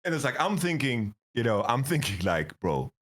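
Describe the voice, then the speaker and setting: An animated young man recounting wild stories in a loose, casual interview. His pitch swings widely as he acts out the people he quotes, and he swears and laughs often along the way. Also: normal speed. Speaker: esports coach, guest.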